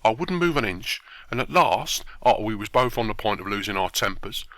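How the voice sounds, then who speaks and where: A man reading a bedtime story aloud in an expressive, lively storytelling manner. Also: lowish voice, a little fast, dry recording. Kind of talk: scripted narration of a bedtime story.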